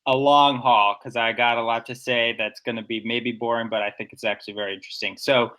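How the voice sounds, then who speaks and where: A man's voice: mid-range voice, level tone, fairly quick, pushed and bright. Man, podcast co-host, casual chat, enthusiastic, nerdy, breaks down details. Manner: enthusiastic, nerdy, analytical, talks through examples. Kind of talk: casual poetry discussion.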